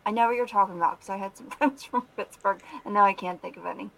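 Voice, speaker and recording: A woman's voice: mid-range voice, fast, gravelly, a bit bright, low-quality recording. Giggly Philadelphia-accented woman co-host. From Philadelphia area, USA. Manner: chatty, giggly, laughs often. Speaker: talk show co-host. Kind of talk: casual podcast chat.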